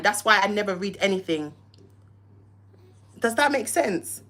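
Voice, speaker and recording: A woman's voice: medium pitch, sing-song, normal speed, long pauses, a bit bright. A young woman, hosting a livestream and heatedly telling a story, cussing and acting out both sides of phone calls. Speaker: live-stream host.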